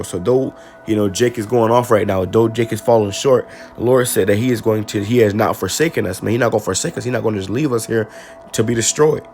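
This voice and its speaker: A man giving an informal sermon who reads Bible verses slowly and then explains them in casual slang, with many stammered restarts. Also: lowish voice, darkish tone, soft background music. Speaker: preacher. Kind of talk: informal scripture-reading sermon.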